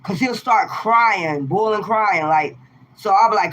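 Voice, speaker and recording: A woman tarot reader telling viewers a personal story in a casual, emphatic, animated way. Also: medium pitch, a little slow, slight background noise, poor audio.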